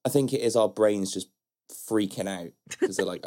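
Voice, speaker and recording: A man co-hosting a podcast, telling stories in a relaxed, conversational way. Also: lowish voice, normal speed. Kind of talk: casual chat.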